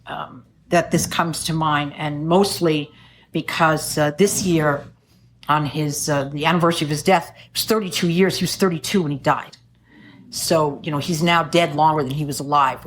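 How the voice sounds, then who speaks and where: Low-voiced New woman sharing testimony. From New York. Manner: earnest, conversational, laughs at herself. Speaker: recovery meeting speaker. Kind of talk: personal testimony talk. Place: meeting room.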